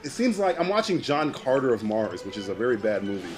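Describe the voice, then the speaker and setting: Rambling, laughing podcast co-host. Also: male voice, medium pitch, big pitch swings, quick pace. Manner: rambling, laughs often, swears, frequent restarts. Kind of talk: casual chat.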